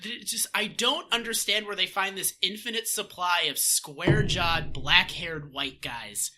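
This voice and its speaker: A man co-hosting a podcast in casual chat, animated and swearing, slipping into mock voices. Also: high-pitched, a little slow. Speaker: podcast co-host.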